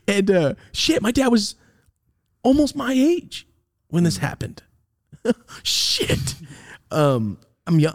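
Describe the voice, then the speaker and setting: A young man telling a story on his podcast in a casual, animated way, swearing and acting out the lines of the people he quotes. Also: a little high, no room sound, clean studio sound. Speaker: podcast host.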